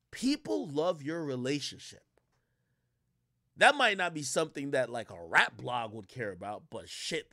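A man ranting casually to his stream audience, swearing a lot and jumping his voice up high for emphasis. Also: huge pitch swings, brisk, bright, forceful tone, dry recording, studio quality. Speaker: streamer and rap commentator.

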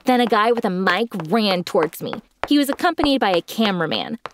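A young woman narrating a first-person story in a scripted, expressive way. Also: mid-range voice, a little fast, background noise.

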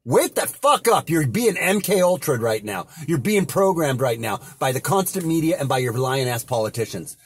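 A man's voice: medium pitch, sing-song, moderate pace, few pauses, husky, no room sound. A man delivering a heated, profane rant from inside a car, often repeating himself. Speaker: vlogger. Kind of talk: angry ranting monologue.

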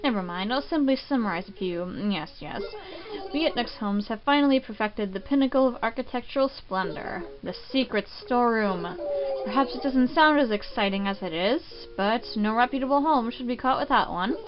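A woman's voice: a little high, lively intonation, normal speed, muffled recording, lightly acted. Woman doing a nasal, pompous raccoon salesman. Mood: salesy. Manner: formal, salesy reading of game dialogue. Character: smooth-talking male raccoon shopkeeper, pompous salesman. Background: game music.

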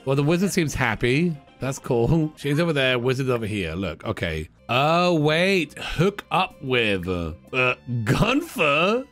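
A man hosting a casual let's play, chatty and joking as he thinks out loud. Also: mid-range voice, sing-song, measured pace, hardly any pauses, faint music behind. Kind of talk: casual gameplay commentary.

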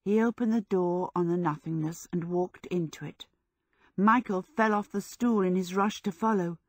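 A woman narrating an audiobook in a measured storybook reading. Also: lowish voice, dry recording, studio quality. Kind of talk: scripted narration.

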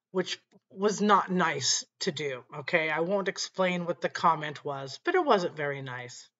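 A woman vlogger telling a personal story in a casual, unhurried way, often saying "you know" and "like". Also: low-pitched, fairly bright tone. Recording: dull lo-fi recording.

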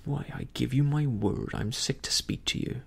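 A storyteller voicing a cunning, scornful old male pirate captain in a slow, contemptuous whispered role-play. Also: medium pitch, gravelly, breathy edge.

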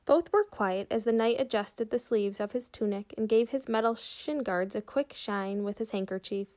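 A woman reading a children's book aloud, pausing to ask her young listeners questions about the story. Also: a little high, a little mellow. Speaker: reader for children.

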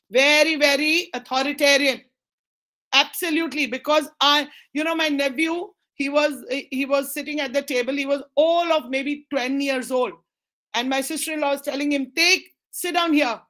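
A woman's voice: high voice, fairly even intonation, moderate pace, a bit bright. A middle-aged woman with an Indian English accent, a school principal giving an anecdotal talk, acting out quoted lines and slipping in Hindi phrases.

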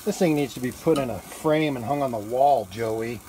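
A man's voice: mid-range voice, normal speed, dark tone, slight background noise. A man live-streaming from an outdoor barbecue grill on a phone held in one hand, chatting casually and rambling with plenty of fillers and restarts. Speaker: livestreamer taking a food challenge.

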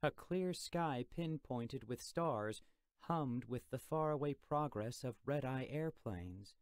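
A man narrating a first-person audiobook in a measured, expressive storytelling manner. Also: medium pitch, no room sound.

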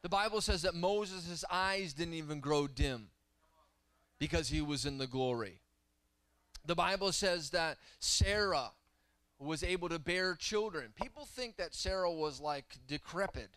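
A man in his thirties preaching a humorous, animated sermon that swings between loud and soft. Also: on the high side, measured pace, no echo. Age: 30s.

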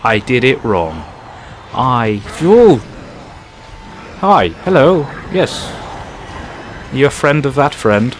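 A man doing excitable, jokey let's play commentary over a horror game, swearing often. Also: medium pitch, takes it slowly, pauses often, faint music behind. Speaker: gaming commentator.

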